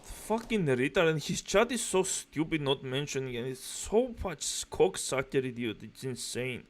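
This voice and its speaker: A man's voice: mid-range voice, animated, moderate pace. A man doing reaction commentary in aggressive, profane, mocking rants.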